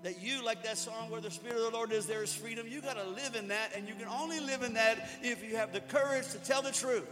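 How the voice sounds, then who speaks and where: A man's voice: very high-pitched, quick pace, few pauses. A man preaching a sermon to a room, talking casually, joking and acting out little quotes. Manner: conversational, joking, with acted-out quotes. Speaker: pastor. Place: church hall before an audience. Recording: hall reverb with music behind.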